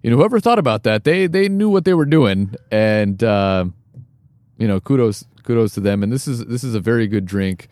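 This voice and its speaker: A man's voice: on the low side, animated, moderate pace, a little mellow, dry recording. A man co-hosting a casual podcast, talking with many fillers and restarts. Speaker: podcast co-host. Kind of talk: casual chat.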